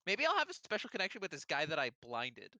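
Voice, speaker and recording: Animated player with a lively voice. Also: mid-range voice, fast talker, dry recording. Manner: animated, hesitant, self-interrupting. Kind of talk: tabletop game play.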